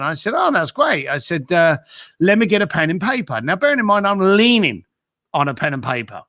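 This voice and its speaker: A man with a high, sharp, sing-song voice tells an anecdote a little fast as a guest in a casual podcast interview. He acts out both sides of a phone call, using lots of fillers and repeating "I said."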